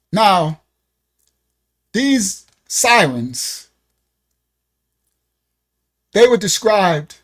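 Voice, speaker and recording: High-voiced, blunt street preacher. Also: male voice. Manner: animated, riffing delivery. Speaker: ministry teacher. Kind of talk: informal Bible lesson.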